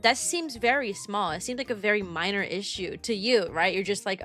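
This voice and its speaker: A woman's voice: medium pitch, moderate pace, a bit bright, faint music behind. A young woman, a kindergarten teacher, chatting casually on a livestream and rambling with lots of fillers. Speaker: kindergarten teacher and VTuber streamer.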